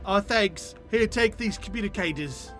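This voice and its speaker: A man's voice: high-pitched, moderate pace, a bit bright, soft background music. A man voicing an earnest game ally, reading the lines aloud in a put-on odd accent. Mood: urgent.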